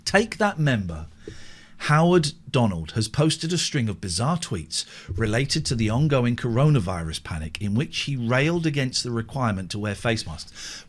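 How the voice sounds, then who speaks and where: Animated rambling late-night host, man. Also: medium pitch, normal speed. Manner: rambling, animated, self-correcting. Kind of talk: casual live-stream chat.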